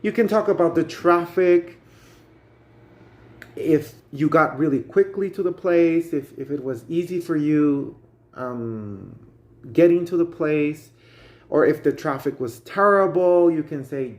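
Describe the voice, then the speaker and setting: A man's voice: a little high, lively intonation, measured pace. A man with a Guatemalan Spanish accent, a native Spanish speaker, teaching English as a chatty teacher who keeps addressing viewers as guys. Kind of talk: casual spoken English lesson.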